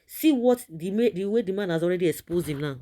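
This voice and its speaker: A woman presenting online news, reading a statement and then giving her own impassioned, emphatic commentary, her pitch jumping up on key points. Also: animated, fast, warm tone.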